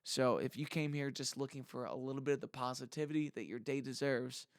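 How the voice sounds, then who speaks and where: A man talking straight to his viewers in a loose, rambling monologue. He drifts between sincere gratitude and goofy asides. His voice sits at an everyday middle pitch, and the sound is dry and close, with no room echo. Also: brisk. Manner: rambling, heartfelt and jokey. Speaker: musician vlogger. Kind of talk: casual monologue to camera.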